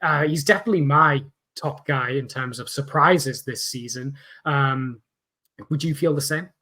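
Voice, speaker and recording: A man's voice: mid-range voice, moderate pace, pushed and bright. A man co-hosting a casual sports podcast, friendly and lightly self-deprecating. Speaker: podcast co-host.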